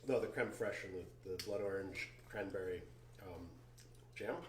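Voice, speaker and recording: A man's voice: sits low, fairly even intonation, moderate pace. A man, a winery founder, describing in detail how the food and wine taste during a casual tasting. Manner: descriptive, lingers on flavors. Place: wine cellar. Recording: roomy, distant mic, faint noise.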